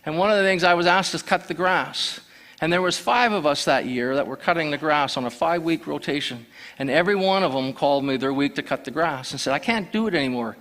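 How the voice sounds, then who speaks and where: A man's voice: on the high side, fairly bright tone. A man telling his personal testimony to a church, earnestly storytelling and acting out the dialogue. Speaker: church member sharing testimony.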